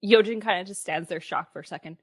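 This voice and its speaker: Brisk woman player, dry close sound. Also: medium pitch, breathy edge, no room sound. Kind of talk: casual tabletop play.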